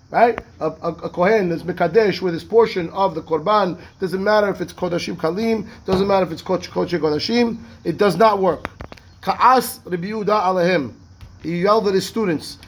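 A man, a rabbi teaching a Talmud class, reading text quickly and explaining it in rhetorical questions. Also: sits high. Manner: animated, reads Hebrew text fast then explains in English; asks rhetorical questions, acts out the rabbis' voices.

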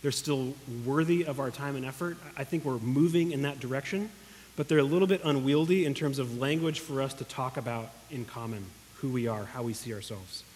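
A man's voice: mid-range voice, fairly quick, darkish tone, slight background noise. A pastor preaching a sermon in earnest, emotional tones, speaking directly to his congregation. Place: church hall. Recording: long echo of a large hall.

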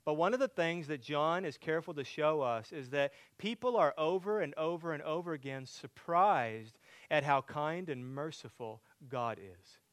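A man preaching a sermon in a fairly high, smooth voice. He speaks slowly and clearly, asks the congregation questions, and rises into loud, emphatic preaching. The recording is dry and close. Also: no echo. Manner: builds from quiet teaching to loud emphatic preaching. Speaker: pastor.

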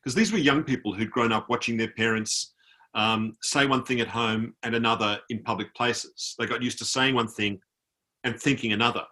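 Aussie guy spinning a yarn over a video call, bright clear voice, lively. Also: medium pitch, normal speed. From Australia. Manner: animated anecdote-telling, mimics voices he met. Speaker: author guest. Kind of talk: storytelling in a conversation.

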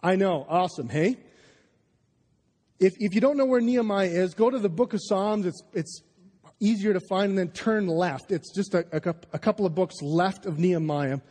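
A man preaches with rising fervor, his voice sitting notably high as he pushes his points home. He trips over restarts and repeats himself in his eagerness. The sound carries the long reverb of a large church hall. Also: normal speed, darkish tone. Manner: impassioned, emphatic, with stammering restarts. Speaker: pastor. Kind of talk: sermon. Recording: live sermon in a reverberant hall.

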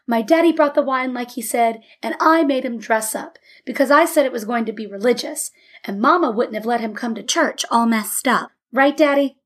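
A woman's voice: fairly high pitch, normal speed, a bit bright. A woman voicing a young boy who is eager but easily worried, in a storybook reading. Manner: eager, then anxious and pleading. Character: eager young boy, timid with his father.

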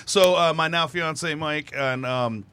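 A man co-hosting a drinks podcast, telling a story in a halting way with many uhs and restarts. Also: on the high side, bright, forceful tone, smooth. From Michigan family roots, United States. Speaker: podcast co-host. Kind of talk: casual chat.

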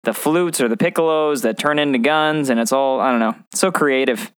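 A man co-hosting a movie podcast, gushing in lively casual chat. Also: mid-range voice, moderate pace, clean tone, no echo. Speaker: podcast co-host.

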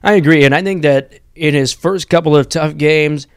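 A young man with a smooth, clear voice lays out his football analysis at an even, steady pace. He builds long, run-on points as he thinks aloud. The recording is dry and close. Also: on the high side, normal speed, dry recording. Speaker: student sports podcast co-host. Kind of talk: sports analysis chat.

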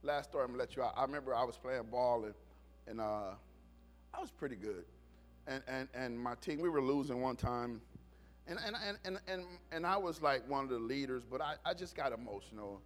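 Briskly and in a mid-range voice, a middle-aged male pastor delivers a sermon, animatedly narrating stories and impersonating the people in them.

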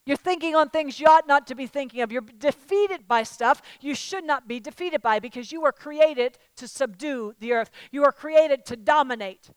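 A woman preaching a sermon to a live audience. She speaks emphatically, calls out to the listeners and rises to loud declarations. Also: high voice, moderate pace, hardly any pauses, no room sound.

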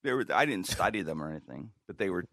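Deep-voiced and fast, with vocal fry, this middle-aged man is the guest storyteller in a relaxed podcast conversation. Recorded dry in a clean studio, he animatedly works through a long anecdote, voicing the quotes and laughing often.

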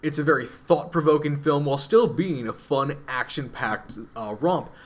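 A man's voice: on the high side, moderate pace. A man co-hosting a podcast, talking through films in a thoughtful, analytical way with many fillers. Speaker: podcast co-host. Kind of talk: casual chat.

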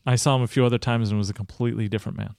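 A man in his thirties, a coach and podcast guest, telling stories in a casual, animated way, swearing freely and acting out what people said. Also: lowish voice, very fast, vocal fry, dry recording, studio quality. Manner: animated, swears freely, acts out quoted dialogue. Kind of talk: casual storytelling interview.

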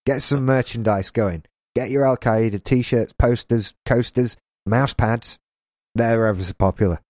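A man's voice: medium pitch, unhurried, darkish tone, no room sound. A man co-hosting a podcast, riffing in casual chat with jokey, rambling tangents. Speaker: podcast co-host.

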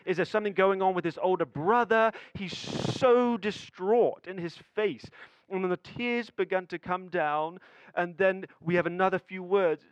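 High-voiced man telling a sermon story. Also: moderate pace, clear, resonant tone, rough recording. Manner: storytelling, builds suspense, acts out dialogue.

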